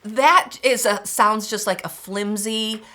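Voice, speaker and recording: A woman co-hosting a podcast in casual chat, talking in an animated, expressive way. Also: mid-range voice, slow. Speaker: podcast co-host.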